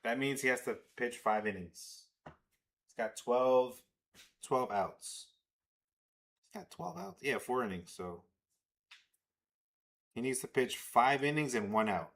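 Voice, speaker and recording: Male streamer, bright edgy voice, excitable and profane, live watch-along commentary. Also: mid-range voice, slow pace, vocal fry, pauses often. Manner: excitable, swears, talks to chat. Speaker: livestream host.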